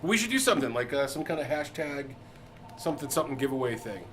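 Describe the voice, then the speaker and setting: A man's voice: mid-range voice, big pitch swings, fast talker, noisy background. A man co-hosting a casual podcast, joking and rambling and laughing often. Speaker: co-host. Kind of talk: casual chat.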